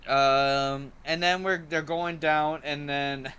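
A man chats casually as a podcast host. His voice is bright and forward. He rambles with eager energy, leaning on "like" and "um" between thoughts. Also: a little high, takes it slowly, clear, resonant tone, highs cut off. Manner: excited and rambling, heavy use of "like" and "um". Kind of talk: casual movie review chat.

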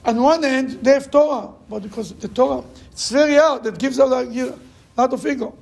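A man's voice: extremely high pitch, brisk, creaky. A man teaching a Torah class, emphatic, repeating phrases to drive his points home and telling stories. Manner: acts out quoted people in raised voices.

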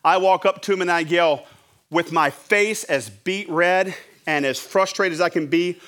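A middle-aged male pastor preaches with a slightly higher voice than most men. He tells his story with lively, animated delivery and now and then acts out his own shouting. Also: unhurried. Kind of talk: sermon storytelling.

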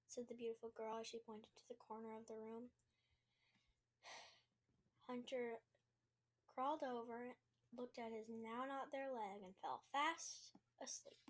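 A young woman host reading aloud her own short story, in an earnest, halting read-aloud manner. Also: fairly high pitch, fairly even intonation.

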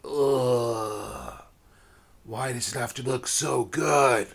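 A man's voice: medium pitch, extremely slow, vocal fry, husky, pitched below the performer's own voice, full character voice. A man voicing a young male yeshiva student in a storybook tale, groaning and then resolute. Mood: tempted.

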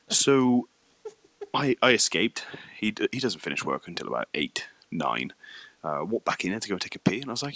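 Deep, dry-voiced man. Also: sing-song, brisk, a bit bright, dry recording, poor audio. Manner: hesitant, self-deprecating, with many restarts. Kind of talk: casual anecdote.

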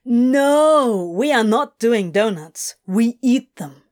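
A woman's voice: a little high, lively intonation, slow, voice pushed up. Woman playing Crowley, a cursing frazzled demon. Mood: frantic. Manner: loud, exasperated, cursing. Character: irritable swearing male demon, frantic.

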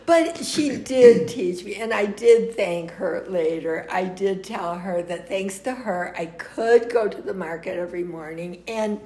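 Older american lady telling stories, laughs a lot, middle pitch, roomy echo. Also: a little slow, hardly any pauses. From United States. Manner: lively anecdotes, laughs often. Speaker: interviewee. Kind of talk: casual storytelling interview.

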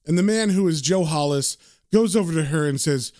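A man recaps a comic book in a casual, chatty way. His voice is slightly higher than average. He sounds conversational and relaxed. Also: a little fast.

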